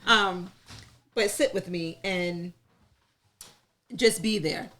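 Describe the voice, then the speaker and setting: A lowish, slightly bright voice draws out its words over a faint hiss or hum. This woman co-hosts a live talk circle with an audience present, sharing personal matters candidly and chattily, laughing easily and calling herself an oversharer.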